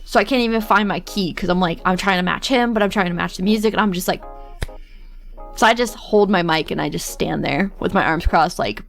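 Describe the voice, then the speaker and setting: A woman's voice: mid-range voice, normal speed, faint music behind. A woman streamer telling a long personal story in casual chat, chatty, quoting others and laughing often. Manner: chatty, tells stories with quoted asides, laughs often.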